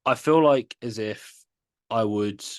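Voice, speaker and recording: An English man co-hosting a sports podcast, talking in a measured, hesitant way. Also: on the low side, darkish tone. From England. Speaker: podcast co-host. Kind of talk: casual sports chat.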